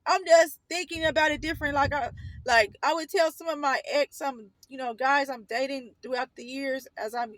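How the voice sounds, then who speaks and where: A woman's voice: high voice, moderate pace, fairly bright tone, no echo, rough recording. A young woman from Oakland, California, telling her own story to the camera in a casual, emotional way, wandering off into asides. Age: young adult. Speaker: vlogger.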